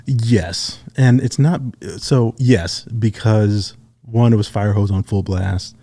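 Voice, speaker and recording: A middle-aged man, a retired Navy SEAL sniper, telling his story in a relaxed, casual interview. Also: on the low side, slow, dry recording, studio quality. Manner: relaxed storyteller, acts out quoted dialogue.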